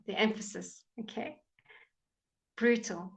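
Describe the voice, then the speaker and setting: Female pronunciation teacher, fairly high voice, very slow deliberate drilling, dull lo-fi stream audio. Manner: slow, patient, repeats words for drilling. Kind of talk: live online language class. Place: home. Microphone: computer mic on a live stream.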